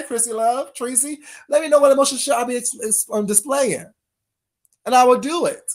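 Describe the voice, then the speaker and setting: A man ranting in a casual vlog, sassy and animated, firing off rhetorical questions. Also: extremely high pitch, normal speed. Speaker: vlogger.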